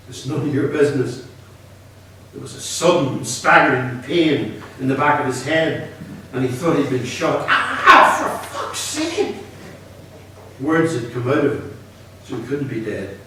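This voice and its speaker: A man's voice: mid-range voice, normal speed, a bit bright, a little hiss or hum. Northern irish author in his 60s reading a story, really echoey hall, far from the mic. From Belfast. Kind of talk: reading fiction aloud. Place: lecture hall at a reading event.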